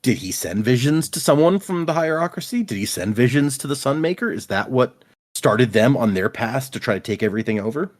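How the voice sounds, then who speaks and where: A man's voice: medium pitch, expressive, a little fast. A man co-hosting a casual book discussion podcast, animatedly retelling scenes and paraphrasing characters. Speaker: podcast co-host.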